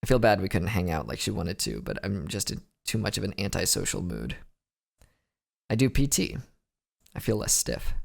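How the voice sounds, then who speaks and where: A man's voice: low voice, sing-song, moderate pace, creaky. A young adult man narrating a casual recovery diary vlog, candid and rambling, often breaking off with small laughs. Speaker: vlogger.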